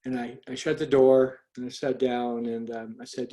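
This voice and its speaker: A middle-aged man quietly telling a personal faith testimony on a call, earnest, with frequent restarts. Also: medium pitch, level tone, normal speed. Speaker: speaker sharing a testimony. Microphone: call audio.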